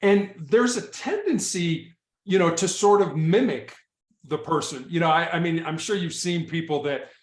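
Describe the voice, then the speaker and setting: Male ex-hostage negotiator as guest. Chatty, halting delivery with restarts. Echoey room sound. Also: on the high side, expressive. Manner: frequent repetitions and restarts. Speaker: former SWAT hostage negotiator. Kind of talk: conversational interview storytelling.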